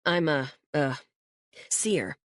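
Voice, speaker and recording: Woman doing a strange young self-styled seer, halting casual talk, low voice, dry audiobook sound. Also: dry recording. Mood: earnest. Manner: casual, halting, fishing with questions. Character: odd young man claiming to be a seer.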